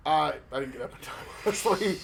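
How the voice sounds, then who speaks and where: A man co-hosting a casual podcast, telling stories in an animated way with lots of swearing and restarts. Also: on the high side, brisk, creaky. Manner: animated storytelling with profanity and restarts. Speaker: podcast co-host.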